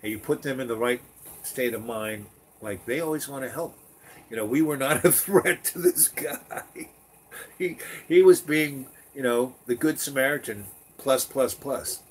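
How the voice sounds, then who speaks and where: A man's voice: medium pitch, a little slow, slight background noise. A man telling a long personal story in a meandering, chatty way, full of fillers and restarts. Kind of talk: rambling personal anecdote.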